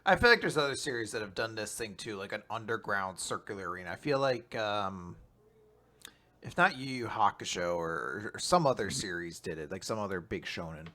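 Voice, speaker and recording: A man's voice: lowish voice, animated, a little fast, sharp tone. A man co-hosting a podcast, making loose, chuckling remarks in casual chat. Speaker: podcast co-host.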